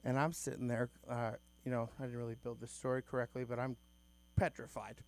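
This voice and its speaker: A man's voice: medium pitch, level tone, fairly quick, a little mellow. A man doing a crude, self-deprecating stand-up bit at an open mic in a small comedy club, swearing freely.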